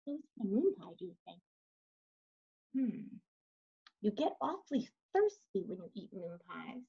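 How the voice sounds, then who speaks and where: A woman reading a picture book aloud to children, pausing to ask them questions and gently encouraging their answers. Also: fairly high pitch, sing-song, gravelly, husky. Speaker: storybook reader to children. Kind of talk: interactive read-aloud storytime. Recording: slightly dull lo-fi recording.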